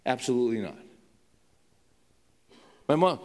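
A man's voice: on the high side, lively intonation, normal speed, pauses often, long reverb tail. A male pastor preaching and telling a story in an emphatic, conversational way. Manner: emphatic, conversational, with frequent restarts. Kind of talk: sermon storytelling.

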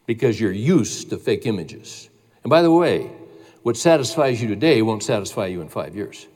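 A man's voice: fairly low pitch, sing-song, moderate pace, a little mellow. A man preaching a sermon as a pastor, earnest and emphatic, building in intensity as he urges his listeners. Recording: long hall reverb.

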